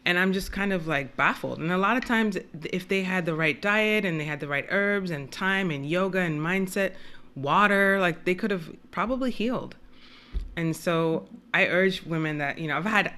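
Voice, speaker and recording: A woman's voice: deep voice, pushed and bright. A woman hosting an interview who speaks in a passionate, emphatic way. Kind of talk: casual interview chat.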